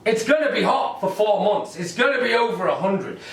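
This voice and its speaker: A man from England with a high-pitched, sing-song voice performs a stand-up comedy routine at normal speed, ranting with frequent ums and repeated words. He sits far from the mic, so the audio has a roomy echo, faint ambience, and a little hiss or hum.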